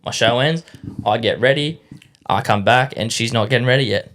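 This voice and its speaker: A young Australian man in casual podcast chat, telling a story in a laid-back way. He swears easily and sounds at ease as he goes. His voice sits at an ordinary pitch for a man. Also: moderate pace, fairly bright tone, slight background noise. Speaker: podcast co-host.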